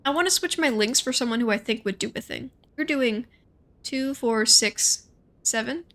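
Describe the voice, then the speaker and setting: A woman's voice: a little high, animated, fairly bright tone. A young woman streamer chatting casually while playing a game, thinking aloud and rambling between moves. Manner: chatty, thinks aloud, quick asides and self-talk. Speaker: gaming streamer. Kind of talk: casual gameplay commentary.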